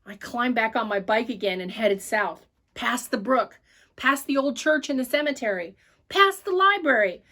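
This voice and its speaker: A woman reading a children's story aloud at church with an expressive, animated delivery. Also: fairly high pitch, moderate pace.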